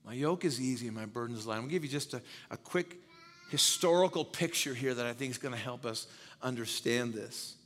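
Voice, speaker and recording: A man's voice: medium pitch, brisk, in a large hall. A man preaching a sermon as pastor. He speaks emphatically, repeats key phrases and quizzes his listeners.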